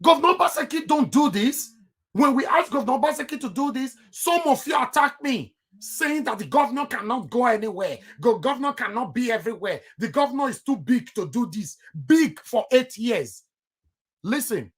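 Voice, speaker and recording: A man's voice: extremely high pitch, expressive, moderate pace, a bit bright, breathy edge. A man with a Nigerian accent giving heated political commentary on his vlog, emphatic and repeating himself for stress.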